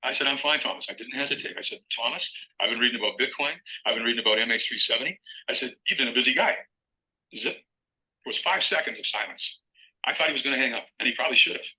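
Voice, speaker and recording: A man's voice: medium pitch, quick pace, sharp tone, low-quality recording. A middle-aged man telling a long story in an interview as a guest author, acting out phone calls as he goes.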